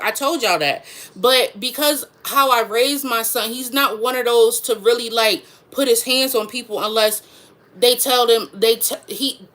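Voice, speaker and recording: Frustrated woman with a bright voice. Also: a little high. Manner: frustrated, emphatic, repeats herself. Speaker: mother, vlogger. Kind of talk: venting to camera.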